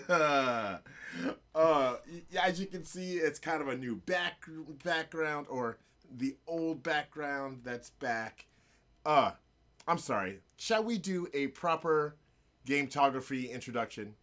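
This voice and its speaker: A middle-aged man hosting a live stream, his voice a touch high and swinging up and down a lot as he jokes and laughs. He talks unhurriedly, giving playful, hyped shout-outs to chat and guests. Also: expressive, takes it slowly. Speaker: streaming show host.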